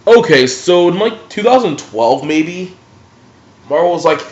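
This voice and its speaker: Animated man with a lively voice. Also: on the high side, measured pace. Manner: animated, excitable, swears freely. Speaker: vlogger reviewing superhero movies. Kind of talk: casual spoken review. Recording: dull lo-fi recording.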